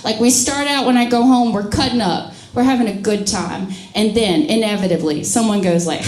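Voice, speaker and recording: A woman's voice: fairly high pitch, normal speed, hardly any pauses. A drunk woman from a small town in Mississippi, doing a bawdy, self-mocking stand-up set and laughing at her own jokes. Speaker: stand-up comedian. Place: comedy club stage with a live audience. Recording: echoey room with loud crowd laughter.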